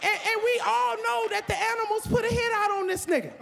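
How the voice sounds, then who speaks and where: Woman stand-up, loud and brash, high gravelly voice, live club crowd laughing. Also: steady tone, a little fast, long reverb tail. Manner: loud, profane, shouting punchlines. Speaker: stand-up comedian. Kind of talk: stand-up comedy. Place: comedy club stage with audience.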